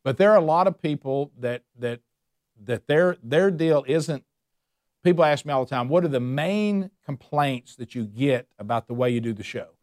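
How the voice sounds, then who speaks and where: A man's voice: medium pitch, expressive, moderate pace, a little mellow, no echo, studio quality. A man teaching a Bible study, emphatic and repeating his points with rhetorical questions. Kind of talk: preaching a Bible study lesson.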